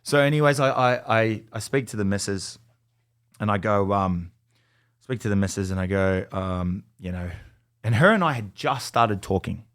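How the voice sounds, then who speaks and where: A man's voice: fairly low pitch, normal speed, dry recording, clean studio sound. A young Australian man, a podcast guest, telling stories in casual chat, swearing freely and acting out other people's lines. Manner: animated, swears freely, acts out quoted voices.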